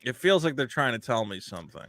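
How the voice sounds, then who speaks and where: A man's voice: mid-range voice, big pitch swings, fast talker, sharp tone, no echo. A man hosting a casual comedy podcast, rambling cynically and slipping into mock voices to quote people. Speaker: podcast host.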